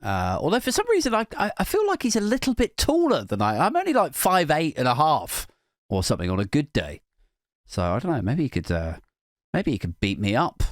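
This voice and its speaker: A man's voice: a little high, huge pitch swings, brisk, no echo, clean studio sound. A man hosting a comedy podcast, ranting satirically in a mocking tone, swearing, often breaking into laughter. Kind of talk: satirical rant.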